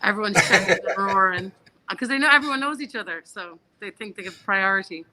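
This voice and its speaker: A woman's voice: mid-range voice, lively intonation, a little fast, heavy background noise. An Irish woman in her thirties, a bar co-owner, chatting as a guest in a casual interview, telling stories with many restarts. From Ireland.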